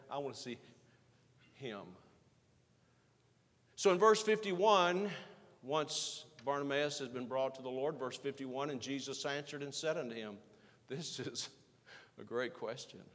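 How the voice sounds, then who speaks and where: A man preaching a sermon as pastor, swinging from emphatic rising lines to quiet, hushed asides. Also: medium pitch, big-room sound.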